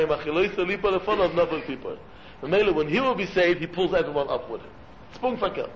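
A man giving an animated sermon-like talk as a religious teacher, jumping in pitch as he acts out stories and sprinkling in Hebrew and Yiddish terms, in a room with listeners. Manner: animated, acts out quoted dialogue, sudden pitch jumps. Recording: muffled recording with faint room noise.

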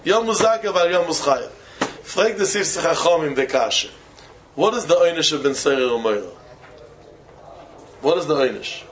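A man, a rabbi, giving a Torah lecture in English full of Yiddish and Hebrew terms, with non-native phrasing, slowing to chant key phrases and breaking into sudden high exclamations. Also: a little hiss or hum, low-quality recording. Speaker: rabbi teaching students. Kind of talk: Torah lecture to young men.

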